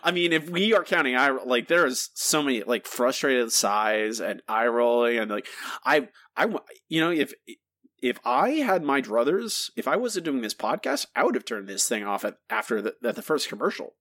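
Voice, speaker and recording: A man rants through a casual podcast chat, exasperated and wound up. His pitch swings widely as he talks, leaping high and dropping low. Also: moderate pace. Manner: exasperated, ranting, animated. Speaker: podcast co-host.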